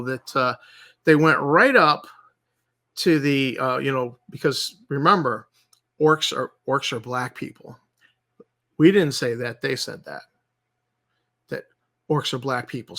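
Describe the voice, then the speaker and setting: A man's voice: medium pitch, bright, forceful tone. A man hosting his channel, ranting in sarcastic, exasperated commentary and hammering points home by repeating them. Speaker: channel host.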